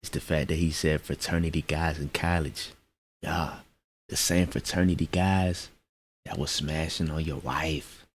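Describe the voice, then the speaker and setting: A man's voice: rumbling low, fairly even intonation, a little slow, breathy edge. A man giving casual, joking reaction commentary with loose slangy asides.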